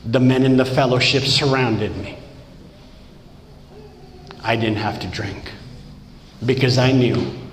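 A middle-aged man from Romania giving a personal recovery testimony in slow, deliberate, blunt words. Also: lowish voice. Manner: slow, deliberate delivery with blunt, raw wording. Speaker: recovering alcoholic sharing his story. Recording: roomy hall with long reverb, faint background noise.

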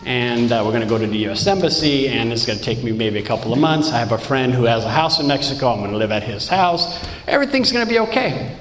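A middle-aged man from Romania giving a personal recovery testimony in slow, deliberate, blunt words. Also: mid-range voice. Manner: slow, deliberate delivery with blunt, raw wording. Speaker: recovering alcoholic sharing his story. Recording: roomy hall with long reverb, faint background noise.

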